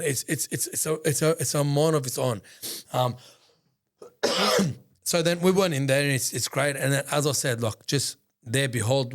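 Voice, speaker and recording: A man telling a story as a podcast guest in casual, profane talk, excitable and full of restarts. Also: mid-range voice, vocal fry. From Australia. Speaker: podcast guest, business founder.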